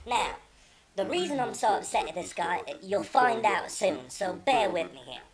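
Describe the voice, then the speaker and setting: A woman's voice: medium pitch, lively intonation, normal speed, a crowd in the background. Profane, mocking woman vlogger. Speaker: channel host. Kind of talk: indignant commentary reading out messages.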